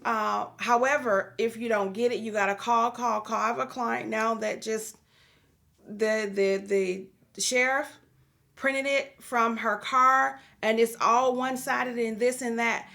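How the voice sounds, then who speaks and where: With a fairly high, pushed, bright voice and some vocal fry, a woman hosting a business and real estate show chats casually to the camera. Her tone is steady and her pace measured, and she cheers viewers on, calling them "guys" amid many fillers.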